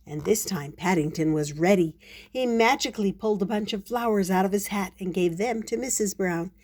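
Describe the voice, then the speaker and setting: An older woman reading a picture book aloud to children, gentle and unhurried. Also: mid-range voice. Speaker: storyteller.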